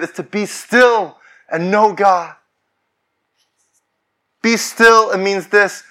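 Bright-voiced man preaching a sermon. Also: high voice. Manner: conversational preaching that rises to fervent declarations. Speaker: pastor.

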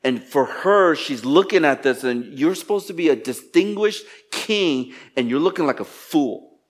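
Animated male preacher. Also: a little high, unhurried. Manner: animated, acts out quotes with sarcasm. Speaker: pastor. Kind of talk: sermon.

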